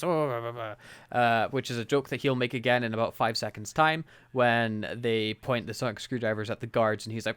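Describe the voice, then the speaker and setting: A man's voice: medium pitch, steady tone, moderate pace, fairly bright tone, clean tone, no room sound. A man, co-hosting a podcast in casual chat, laughing often and quoting lines. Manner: laughs often, quotes characters in put-on voices. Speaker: podcast co-host. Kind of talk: casual chat recapping an episode.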